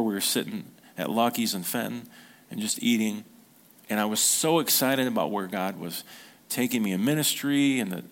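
A middle-aged man preaching an informal sermon to his congregation, talking conversationally, acting out short quotes and often restarting his sentences. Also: fairly low pitch. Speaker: pastor.

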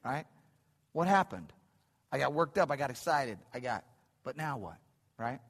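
A middle-aged man preaching a sermon in a church, animated and building to excited peaks, often repeating phrases. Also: medium pitch, normal speed. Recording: long hall reverb.

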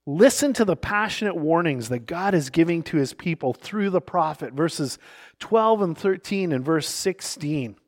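A male pastor delivers a sermon in a noticeably high voice. He reads scripture passages aloud and moves into illustrative stories. His delivery swings between hushed moments and emphatic stresses. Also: expressive, moderate pace.

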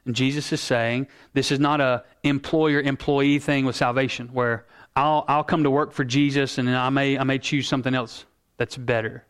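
A male pastor preaching a sermon in an earnest, emphatic way, slowing down to stress key words. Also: medium pitch, level tone, clean tone.

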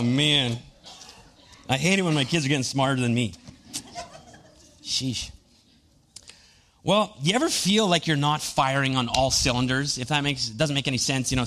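A man's voice: fairly high pitch, fairly bright tone. A man in his thirties, a pastor preaching a sermon, telling personal family and boat stories in a chatty, self-deprecating way.

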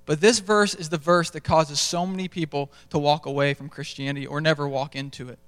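Young man, casual storytelling preacher, fairly high clear voice, long church-hall reverb. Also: steady tone, brisk, a bit bright. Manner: self-deprecating storytelling, conversational. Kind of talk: sermon. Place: large church stage.

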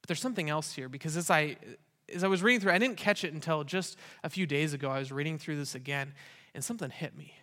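Bright-voiced preacher in a reverberant hall. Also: male voice, on the high side, fast talker. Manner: earnest, conversational preaching with rhetorical questions. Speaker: pastor. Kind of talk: sermon. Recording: long reverb of a large hall.

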